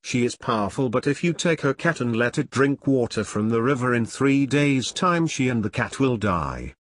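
A man voicing a cranky old male pumpkin elf who speaks in an angry, gruff old man voice. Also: medium pitch, lively intonation, normal speed, no room sound, clean studio sound, close to an everyday voice.

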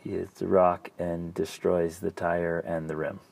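A middle-aged man, co-host of a parenting talk show, telling a personal story in a casual, animated way, acting out his own past thoughts. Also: sits low, measured pace, vocal fry. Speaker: podcast co-host.

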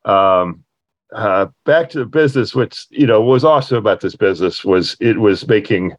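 Middle-aged man, low voice, podcast guest; rambling anecdotal delivery with lots of fillers, dry close recording. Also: expressive, no room sound. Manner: halting, many fillers and restarts, acts out quoted voices in a higher pitch. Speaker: furniture company owner, guest. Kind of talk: anecdotal storytelling in an interview.

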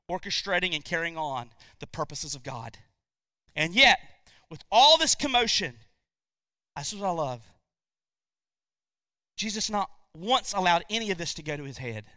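A man's voice: sits high, pushed and bright, no echo, clean studio sound. A man preaching a sermon as pastor, emphatic, repeating key lines and asking the congregation questions.

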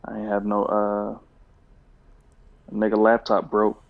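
A man's voice: fairly low pitch, monotone, takes it slowly, gravelly. A man co-hosting a casual podcast, rambling and swearing freely as he chats. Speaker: podcast co-host. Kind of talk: casual chat. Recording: dull lo-fi sound.

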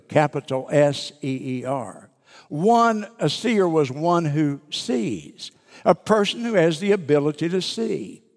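A male pastor delivers a sermon, reading scripture and explaining it verse by verse. His voice sits a little higher than most men's. It rings out with a long reverb in a church sanctuary. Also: a little mellow.

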